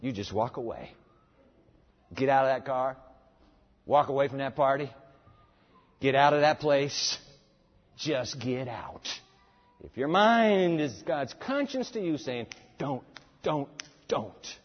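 A man's voice: medium pitch, big pitch swings, unhurried, long pauses. Dramatic male preacher in an echoing hall. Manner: dramatic, emphatic, with big swings in loudness. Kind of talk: sermon. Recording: echoey hall, dull lo-fi sound.

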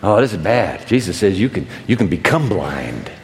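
Man, pastor preaching, very lively pitch, long church-hall reverb. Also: normal speed, slight background noise. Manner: animated storytelling, acts out characters. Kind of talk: sermon.

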